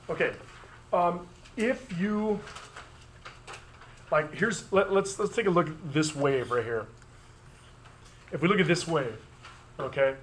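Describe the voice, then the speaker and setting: A man teaching physics to a class, brisk and conversational, with joking asides. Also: on the high side, a bit bright, a little hiss or hum. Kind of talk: classroom review lesson.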